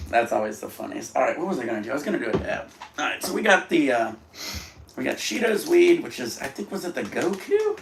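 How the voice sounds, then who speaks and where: A mid-pitched man with a gravelly, fried texture chats loosely on a home livestream. He rambles, curses casually and keeps an easygoing tone. The sound is roomy and echoey, with a faint hiss behind it. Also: very animated, fast. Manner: rambling, laid-back, swears casually. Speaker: livestream host. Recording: echoey room, faint background noise.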